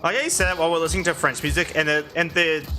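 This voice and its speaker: A man's voice: on the high side, fairly even intonation, fast, sharp tone, soft background music. A young man from Canada giving casual gameplay commentary as a streamer, laughing often and swearing freely.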